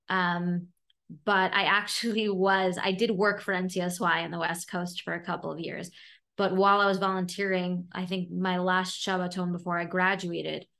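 Woman in her thirties, from brooklyn, lively storyteller, does voices. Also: on the low side. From Brooklyn, New York. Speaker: podcast guest. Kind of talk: casual interview chat.

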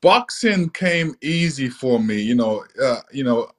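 A man from England, a guest in an interview, telling stories from his youth in a relaxed, easygoing way with lots of "you know.". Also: medium pitch, a little slow. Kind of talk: relaxed storytelling.

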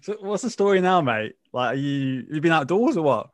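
A man hosts in a relaxed, teasing way and laughs often. His voice sits a little high for a man. The sound is close and dry. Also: moderate pace, no room sound. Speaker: podcast host. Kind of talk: casual chat.

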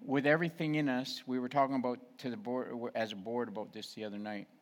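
A man's voice: mid-range voice, flat delivery, fast. A middle-aged man, a pastor, talking plainly and frankly in a casual ministry talk and asking his listeners directly.

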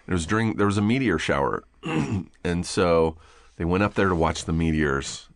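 A middle-aged man telling a casual story as a podcast guest, animated and profane, often laughing. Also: deep voice, normal speed, no room sound, clean studio sound.

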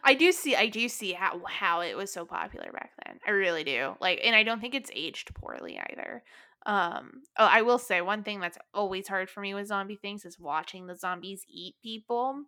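Bright-voiced woman cohosting a podcast, giggly and animated, lots of "like" and casual swearing. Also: mid-range voice, moderate pace, no echo, studio quality. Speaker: podcast co-host. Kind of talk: casual chat.

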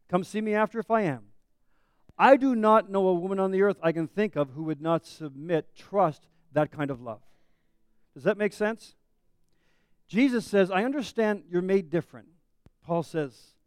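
Male pastor, slightly high voice, dry close sound, sermon delivery with rhetorical questions, loud and then soft. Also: no room sound. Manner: preaching with rhetorical questions to the congregation; swings between loud emphatic lines and soft low asides.

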